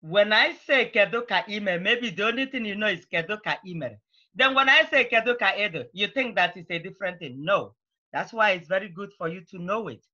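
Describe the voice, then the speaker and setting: A woman teaching a beginner language class, patiently repeating phrases slowly and clearly for her students. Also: mid-range voice, expressive, sharp tone, dull audio. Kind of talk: online language lesson.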